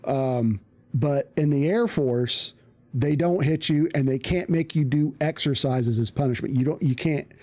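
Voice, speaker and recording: A man casually telling a profane story on a live stream, animated and acting out the voices of people he quotes. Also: medium pitch, a little slow.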